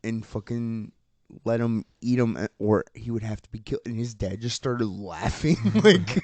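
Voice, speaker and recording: A man co-hosting a casual pop-culture podcast, swearing freely and laughing as he excitedly retells scenes. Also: lowish voice, moderate pace, no echo. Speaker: podcast co-host.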